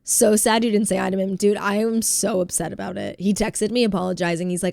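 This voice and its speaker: A woman streams from home with a stuffy head cold and chats casually with her viewers. She giggles often and reads their messages aloud. Her voice sits at a middling pitch on a dry, close mic. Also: steady tone, quick pace, gravelly, a little mellow, no room sound. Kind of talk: casual chat with chat.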